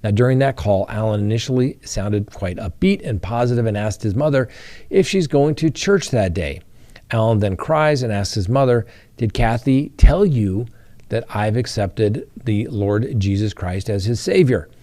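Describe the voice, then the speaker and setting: A man's voice: fairly low pitch, lively intonation, moderate pace, dark tone. A man hosting a crime news show, explaining courtroom rules and reading out trial testimony to his viewers. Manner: explanatory, addresses viewers directly. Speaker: host. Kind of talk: legal commentary on a trial.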